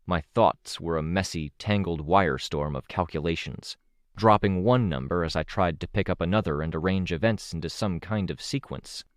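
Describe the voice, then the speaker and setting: A man narrating an audiobook in a steady, measured way, recorded close to the mic. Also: low-pitched, no echo. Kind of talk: scripted narration.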